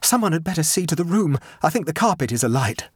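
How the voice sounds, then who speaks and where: A man doing a panting, hurried young gentleman. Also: a little high, sing-song, husky, no echo, clean studio sound, voice pushed up. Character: tense young gentleman, breathless after a rescue.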